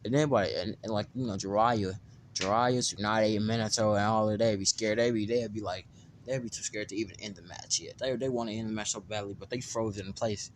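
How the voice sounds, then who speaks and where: A man's voice: fairly low pitch, steady tone, quick pace, a little hiss or hum. A man casually narrating an imagined fan story, rambling with many fillers and restarts.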